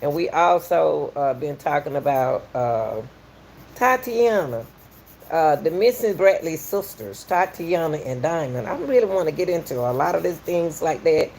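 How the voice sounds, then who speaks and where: A woman's voice: deep voice, lively intonation, a little slow, darkish tone, a little hiss or hum. A middle-aged woman from Atlanta with a Southern accent, welcoming viewers in a folksy, repetitive live-stream chat as a podcast host. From Atlanta, USA.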